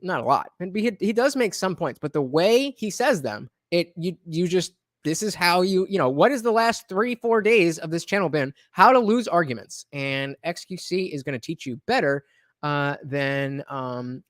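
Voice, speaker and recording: A man's voice: a little high, lively intonation, normal speed, dry recording. Guy rambling over a clip on his stream, um-ing a lot, swears, dry close sound. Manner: rambling, frequent fillers and restarts, blunt with swearing. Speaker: streamer reacting to a debate clip. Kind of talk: casual reaction commentary.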